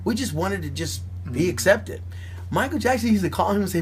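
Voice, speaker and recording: A middle-aged man, a dancer, telling stories casually in an animated, excited way and acting out other people's voices. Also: sits high, a little fast, slightly rough, faint music behind. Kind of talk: casual storytelling.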